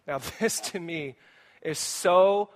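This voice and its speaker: Male pastor, higher voice, energetic sermon delivery in a church. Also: slow pace. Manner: animated, rising emphasis, asks the congregation questions. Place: church sanctuary.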